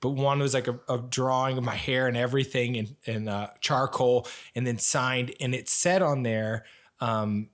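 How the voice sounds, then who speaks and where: A young man telling stories on a podcast in an animated, self-mocking way. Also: medium pitch, normal speed. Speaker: podcast co-host, ninja athlete. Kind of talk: casual storytelling chat.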